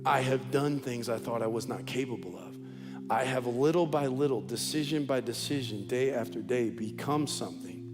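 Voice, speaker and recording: A man acting out a remorseful male king who realizes what he has done, speaking low and quietly. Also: moderate pace, big-room sound, music in the background, natural voice.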